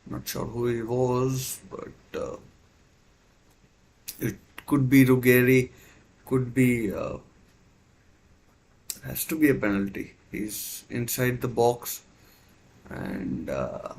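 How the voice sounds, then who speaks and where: A man's voice: mid-range voice, animated, slow, vocal fry, pauses often, a little mellow, slight background noise, rough recording. A man hosting a live football watchalong, giving hesitant play-by-play with many fillers and restarts. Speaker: watchalong host. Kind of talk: live match commentary watchalong.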